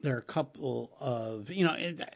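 A man's voice: mid-range voice, moderate pace, vocal fry. An older man hosting a radio program, talking in a rambling, casual way. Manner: rambling, with restarts and fillers. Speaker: radio host and producer.

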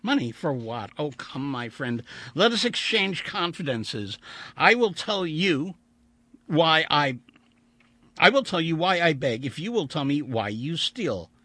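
A man's voice: a little high, big pitch swings, unhurried, bright, forceful tone, no echo, voice pushed up, full character voice. A man voicing an austere, cynical blind older male mathematician who speaks in a wry, theatrical way.

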